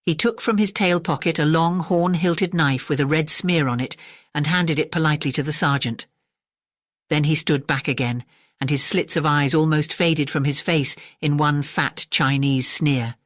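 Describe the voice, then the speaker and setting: A calm, measured narrator reading a classic detective story as a bedtime audiobook. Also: medium pitch, no room sound, clean studio sound.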